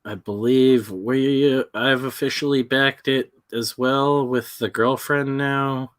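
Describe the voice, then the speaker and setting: A man's voice: mid-range voice, steady tone, takes it slowly, fairly bright tone, no room sound. A man co-hosting a podcast, chatting casually with frequent swearing and laughter. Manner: laid-back, swearing, laughing often. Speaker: podcast co-host. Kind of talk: casual chat.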